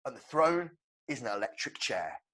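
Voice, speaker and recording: A man co-hosting a podcast, excitedly pitching a film plot with swearing and shouted sound effects. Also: normal speed, a little hiss or hum. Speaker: podcast co-host. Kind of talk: animated movie-pitch storytelling.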